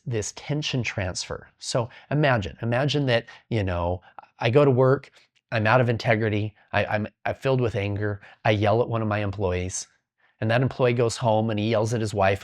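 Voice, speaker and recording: A middle-aged man, a podcast guest, telling stories earnestly and intensely, repeating words and sinking to a whisper for heavy points. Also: fairly low pitch. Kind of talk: earnest storytelling in conversation.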